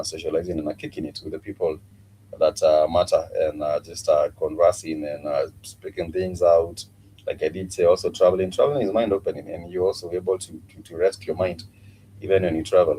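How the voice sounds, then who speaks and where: A man's voice: deep voice, mellow, slight background noise, rough recording. A man hosting a live-streamed Swahili lesson, talking casually with many fillers and repeated words.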